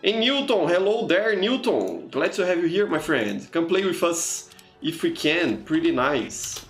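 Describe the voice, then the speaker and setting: In a casual gaming stream, a Brazilian man who teaches and streams welcomes viewers and peppers his talk with "you know." He speaks a little slowly in a fairly high, bright voice with big swings in pitch, from an echoey room where faint music plays.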